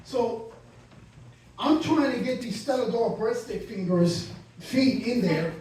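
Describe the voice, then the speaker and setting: High-voiced man doing lively stand-up. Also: slow pace, a little hiss or hum. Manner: animated, self-mocking, acts out scenes. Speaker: stand-up comedian. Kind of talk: stand-up comedy storytelling. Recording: echoey room, distant mic.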